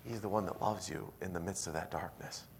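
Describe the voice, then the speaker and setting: A man pastor preaching a sermon in a church, telling a story with animated swings from hushed, intimate lines to loud, emphatic ones. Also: low voice, brisk, vocal fry, slight background noise.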